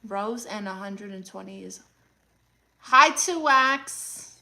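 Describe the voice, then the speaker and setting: A woman playing a brash, sassy aunt who hosts a livestream, reading viewer comments with deadpan scolding. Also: mid-range voice, slow pace, gravelly, heavily acted. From Brooklyn, New York. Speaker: comedic livestream host character. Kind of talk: mockumentary livestream comedy.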